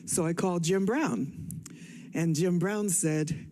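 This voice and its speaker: An older woman from Cleveland, giving an excited, rambling personal speech from a stage, a bit out of breath. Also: lowish voice, slow. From Cleveland, Ohio. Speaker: guest speaker at an awards event. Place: stage at an event.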